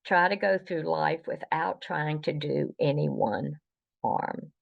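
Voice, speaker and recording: Low-voiced Southern woman, hesitant. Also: slow, creaky, lo-fi sound. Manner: hesitant, many fillers and restarts. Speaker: guest, Star Trek historian. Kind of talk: casual interview.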